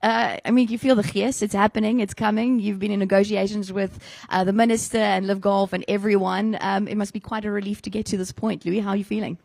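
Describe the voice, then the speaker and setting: A woman's voice: medium pitch, level tone, a little fast, gravelly, few pauses, a little mellow, no echo. A South African woman hosting a press conference, handing over to speakers in a friendly, chatty way. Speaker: event host.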